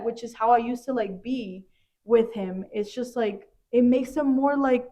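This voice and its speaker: A woman's voice: fairly high pitch, normal speed, dark tone. A young woman hosting a podcast, talking in an earnest, chatty way with lots of filler words. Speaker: podcast host. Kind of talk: casual chat.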